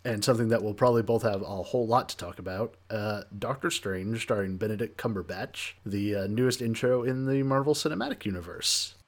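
A man co-hosting a casual chat, relaxed, steering the talk with questions and laughing easily. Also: lowish voice, brisk, hardly any pauses. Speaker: podcast co-host.

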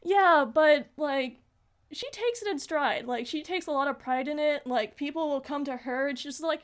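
Young woman, high voice, animated, casual chat, fan enthusiasm. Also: moderate pace. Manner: animated, gushing fan retelling.

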